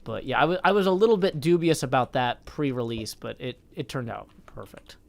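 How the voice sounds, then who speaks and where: A man's voice: medium pitch, fairly quick, gravelly, no room sound. A tired man chatting casually on a live stream, rambling and correcting himself as he reads out chat. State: tired from little sleep.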